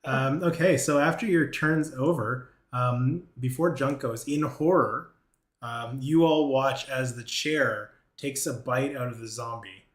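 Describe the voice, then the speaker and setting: A man's voice: mid-range voice, unhurried. Game master man in an echoey room. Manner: relaxed, hesitant with many ums. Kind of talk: narrating a tabletop game.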